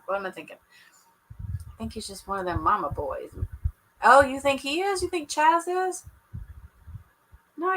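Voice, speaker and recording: A woman's voice: fairly high pitch, sharp tone, breathy edge, rough recording. A woman hosting a casual live reaction chat, talking to viewers in a teasing, chatty way and laughing often. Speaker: show reaction host.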